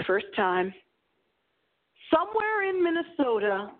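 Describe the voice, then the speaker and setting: Woman in her 40s, radio host, dramatic delivery, slightly high voice, thin phone-like sound. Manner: dramatic, breathy storytelling delivery. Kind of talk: dramatic paranormal radio monologue. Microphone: small microphone. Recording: tinny phone-like audio.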